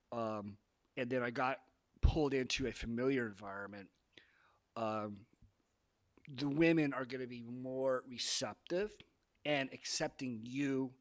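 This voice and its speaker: Emphatic man giving dating advice. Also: medium pitch. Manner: emphatic, repeats phrases, preachy. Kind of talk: casual advice monologue.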